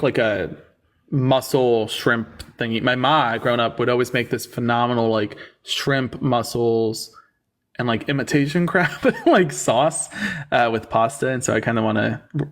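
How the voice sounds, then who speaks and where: A man's voice: medium pitch, normal speed. A man hosting a livestream debate, talking casually with a sarcastic, incredulous edge.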